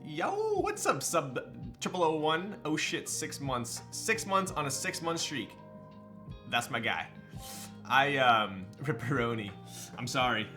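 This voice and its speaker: A man's voice: mid-range voice, pushed and bright. Laid-back, slangy young man streaming. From Southern California. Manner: laid-back, slangy, with frequent fillers and laughs. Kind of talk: casual live-stream chat. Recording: light music behind.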